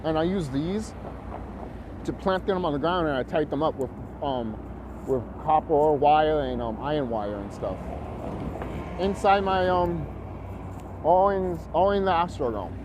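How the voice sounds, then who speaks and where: A man's voice: fairly high pitch, unhurried, long pauses, noisy background. A man vlogging a rambling, confrontational rant, swearing often and full of fillers.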